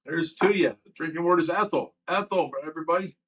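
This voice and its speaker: A man's voice: on the high side, fast, fairly bright tone, rough recording. A man hosting a casual livestream, reading viewer comments aloud and answering them in an earnest, emotional way. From Ohio. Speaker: livestream host reading chat.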